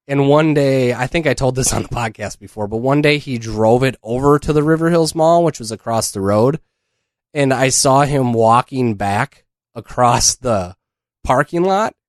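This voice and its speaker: This podcast co-host speaks at a medium pitch and normal speed, recorded in studio quality with no echo. He tells a rambling story in casual conversation and keeps breaking into laughter.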